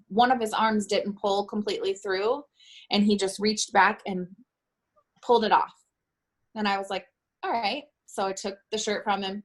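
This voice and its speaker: A middle-aged woman being interviewed, recounting a painful personal account in a halting way and often stopping to correct herself. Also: medium pitch. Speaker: interviewee, bereaved mother.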